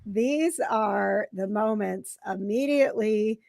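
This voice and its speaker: A woman's voice: medium pitch, slow, creaky, darkish tone, dry recording, studio quality. A woman hosting a talk show, chatting casually and laughing often as she retells a story. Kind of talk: casual chat.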